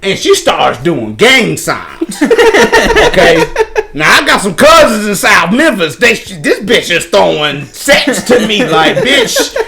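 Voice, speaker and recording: A man's voice: high-pitched, very animated, slow pace, creaky, crowd noise. A man, a podcast guest telling a story in casual chat, profane and often laughing.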